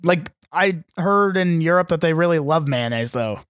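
A man's voice: on the high side, lively intonation, moderate pace, fairly bright tone, no echo, clean studio sound. A man co-hosting a podcast, chatting casually and profanely as he sarcastically recaps a movie. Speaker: podcast co-host.

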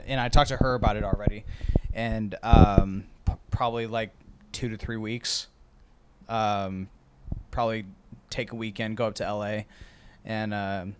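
A young man in casual chat, laid-back, swearing freely and talking in quick bursts. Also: lowish voice, steady tone, background noise.

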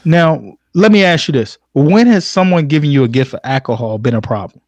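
A man's voice: a little high, expressive, a little fast, darkish tone, no room sound, lo-fi sound. A man hosting a casual podcast, reading news stories and arguing playfully with mock seriousness. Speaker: podcast host.

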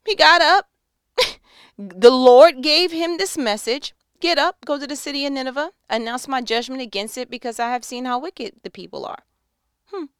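Woman preacher, high lively voice, slangy and joking, dry sound. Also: normal speed, clear, resonant tone, no room sound. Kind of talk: casual sermon.

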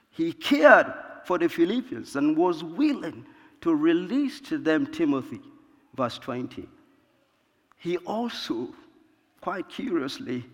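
A man preaching in a slow, deliberate cadence, stopping often to cite scripture verses. His voice sits a little high for a man. A long reverb from a large church hall trails behind every phrase. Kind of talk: sermon.

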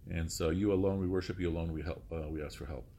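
Deep-voiced man teaching a class. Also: fairly even intonation, fast talker, noisy background. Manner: explains step by step, checking in with frequent "okay"; quizzes students with questions. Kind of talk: classroom lecture.

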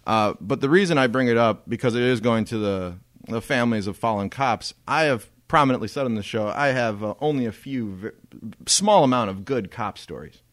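A man's voice: mid-range voice, brisk, no room sound. A man telling a story in a casual podcast chat, swearing freely and laughing often. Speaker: podcast co-host.

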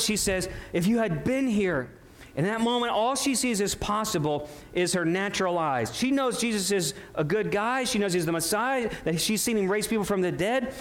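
A man with a fairly high voice preaches a sermon from the pulpit of a church sanctuary. He talks with animated energy, tells a scripture story, and keeps putting rhetorical questions to his listeners. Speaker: pastor.

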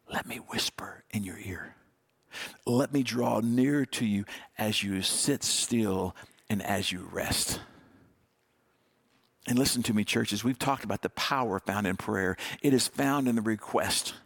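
Gravelly man preaching with hushed pauses. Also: medium pitch. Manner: dramatic pauses, drops to a hush on key words. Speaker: pastor. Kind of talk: sermon.

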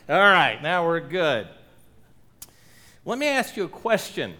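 A man's voice: sits high, fairly bright tone. Man preaching a Sunday sermon. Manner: friendly, questioning, emphatic. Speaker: pastor. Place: church sanctuary. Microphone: lowered stand or pulpit microphone.

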